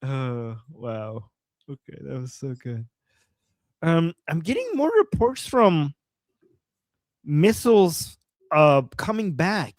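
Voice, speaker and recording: A man's voice: a little high, expressive, slow, long pauses, dry recording. A man from Iran co-hosting a casual live stream, amused and laughing often as he talks. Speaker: co-host.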